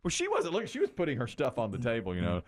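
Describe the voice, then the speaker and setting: A man's voice: mid-range voice, huge pitch swings, very fast. A middle-aged man hosting a morning radio show, telling a story casually and swinging his voice for the people he quotes.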